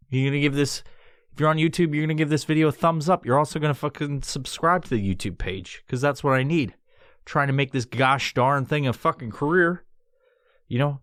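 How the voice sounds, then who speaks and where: A man's voice: on the high side, fairly bright tone, no room sound. A man from New York hosting a solo podcast, rambling and swearing in an exaggerated tough-guy tone he admits to putting on in his studio. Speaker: podcast host.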